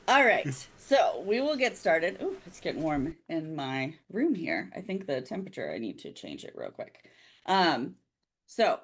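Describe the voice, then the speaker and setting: A woman's voice: fairly low pitch, very animated, a little slow, husky. A chatty woman who laughs often, running a tabletop game as game master in casual chat. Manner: giggly, chatty.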